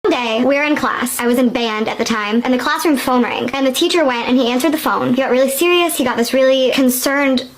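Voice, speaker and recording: A woman's voice: high voice, fast talker, hardly any pauses. A woman telling a suspenseful school story in an earnest way. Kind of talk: casual storytime.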